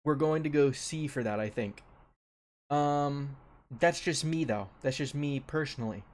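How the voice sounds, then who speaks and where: Young male streamer, slightly high voice, casual repetitive commentary. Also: unhurried. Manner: repeats his phrases, loose and offhand. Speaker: streamer ranking a tier list.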